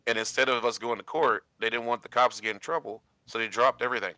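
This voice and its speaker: A man telling a long personal story in casual chat, animated and acting out the quotes with laughs. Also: mid-range voice, fast talker, dry recording.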